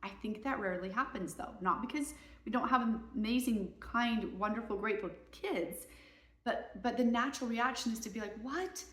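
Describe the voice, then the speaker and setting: A woman's voice: a little high, a bit bright, roomy sound. A woman, a mother and parenting coach, giving earnest, emphatic advice in a casual talk to camera. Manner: earnest, emphatic, voices kids and parents in quick asides.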